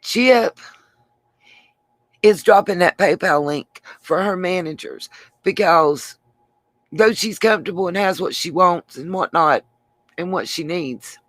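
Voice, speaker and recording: A woman's voice: on the low side, a little slow, long pauses, dry recording. A woman hosting her own channel, talking casually on a livestream, rambling and answering viewers by name. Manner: rambling, addresses viewers by name, frequent restarts. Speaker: channel host.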